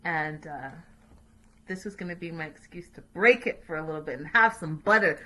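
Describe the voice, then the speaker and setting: Bright-voiced chatty woman host. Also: lowish voice, brisk. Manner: chatty, opinionated, laughs often. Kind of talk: casual recap commentary.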